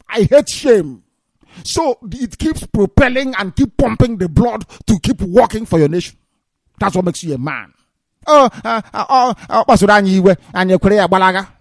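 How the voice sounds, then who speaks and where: A man's voice: high voice, no echo, studio quality. A man hosting a live call-in radio broadcast, talking emphatically and repeating his points. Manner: emphatic, repetitive preaching talk. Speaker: radio show host.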